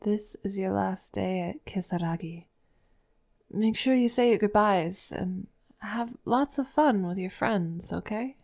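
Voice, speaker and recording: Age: middle-aged. Sex: woman. Figure: woman voicing a weary, sighing mother with a gravelly edge. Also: medium pitch, a little slow, a little mellow. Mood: worried. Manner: sighing and apologetic.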